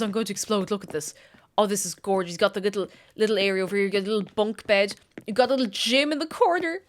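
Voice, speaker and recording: A woman streaming a video game, chatting casually and gushing, often dropping into excited whispers. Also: medium pitch, fairly quick, slight background noise.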